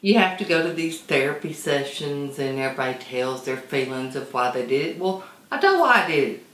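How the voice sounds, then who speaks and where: A woman recounting her own story in a documentary interview, halting and repeating herself as she speaks. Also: low voice, expressive, fairly bright tone, roomy sound, distant mic, a little hiss or hum, low-quality recording. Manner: halting, repeats words, trails off. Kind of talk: emotional documentary testimony.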